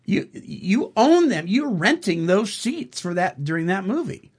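A middle-aged man hosting a radio talk show, telling a story in an animated, indignant way and chuckling often. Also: high voice, unhurried, husky. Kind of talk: casual storytelling chat.

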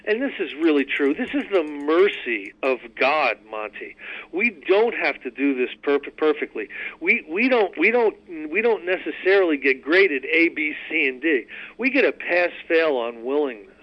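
A man's voice: fairly high pitch, animated, normal speed. A man hosting a radio talk, speaking earnestly and emphatically about recovery, at times reading aloud. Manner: earnest, emphatic, repeats words. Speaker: radio host teaching recovery steps. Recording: muffled radio recording.

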